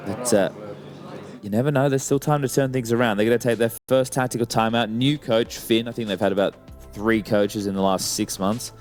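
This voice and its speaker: A man's voice: medium pitch, steady tone, a little fast, faint music behind. A man giving analytical color commentary on an esports match. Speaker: esports caster.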